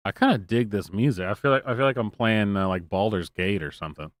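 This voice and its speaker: A man's voice: fairly low pitch, quick pace, no room sound. Man giving sarcastic reaction commentary. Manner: joking, sarcastic, many restarts. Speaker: streamer host.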